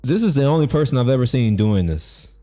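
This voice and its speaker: A man's voice: mid-range voice, animated, a little fast, warm tone, soft background music. A man streaming as he reacts to a video, rambling casually with lots of restarts and frequent laughter. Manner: rambling, many fillers and restarts, laughs often.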